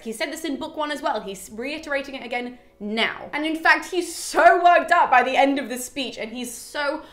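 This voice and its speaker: A woman chatting through an old epic in a rapid, casual way, with the odd swear word. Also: high-pitched, expressive, fairly bright tone, echoey room. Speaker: literature explainer. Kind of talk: casual explanatory chat.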